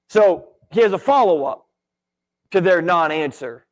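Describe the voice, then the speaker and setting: Male church teacher, relaxed conversational delivery, voice sitting a bit high. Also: measured pace. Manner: conversational, many "right?" and "like" asides. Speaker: Bible class teacher. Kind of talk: casual Bible lesson.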